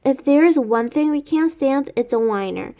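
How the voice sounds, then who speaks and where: Woman reading a prim, fussy male stylist, chirpy, a touch high. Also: expressive, normal speed, muffled recording.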